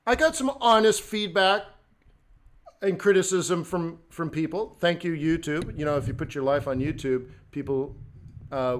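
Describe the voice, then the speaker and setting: A man hosting a live trading stream, talking off the cuff and swinging between near-shouted rants and quiet asides. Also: sits high. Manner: acts out traders' inner voices in quotes. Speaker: livestream host, forex trading coach.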